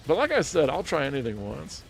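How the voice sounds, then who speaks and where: This gaming livestream host speaks briskly in a fairly high, creaky voice with huge swings in pitch. He chats his way through a story, laughing often and restarting lines, as faint music plays behind him.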